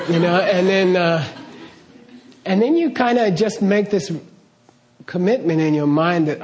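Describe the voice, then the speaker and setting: A middle-aged man with a slightly higher voice explains ideas in a loose, chatty way. He laughs easily and keeps checking in with his listeners. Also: normal speed, a little mellow. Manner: chatty, laughs often, keeps asking "okay?". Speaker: teacher of karma ideas. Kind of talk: casual spoken teaching talk.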